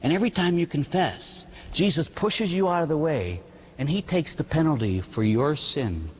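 A man from the Pittsburgh area, a Catholic priest, preaching a sermon with lively storytelling and frequent tag questions. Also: a little high, normal speed. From Pittsburgh area, United States. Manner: animated storytelling, acting out quoted voices, tag questions. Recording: echoey hall with faint hum.

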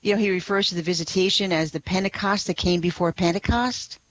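A woman who is a guest on a radio talk show, explaining her subject with warm enthusiasm and soft laughs. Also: fairly low pitch, brisk, no echo, lo-fi sound. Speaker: radio guest, blog writer. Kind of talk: radio interview.

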